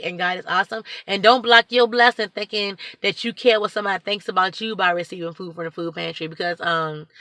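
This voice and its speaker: A woman who volunteers at a church food pantry, talking to camera in a chatty, excitable, rambling way. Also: medium pitch, no room sound. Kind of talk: casual talk to camera.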